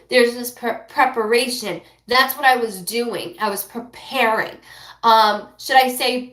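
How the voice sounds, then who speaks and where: A woman doing a live psychic reading who rambles, apologizes often and passes on messages in quick bursts. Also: a little high, fairly bright tone, echoey room. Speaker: psychic medium.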